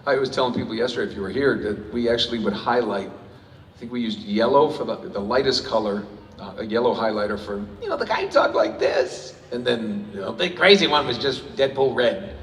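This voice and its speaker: A man answers fan questions at a convention panel, talking in loose, jokey, self-interrupting sentences. His mid-pitched voice booms through a PA into a big echoing hall. The recording picks it up from far off, with faint music underneath. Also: fairly quick, slight background noise. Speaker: panel guest voice actor.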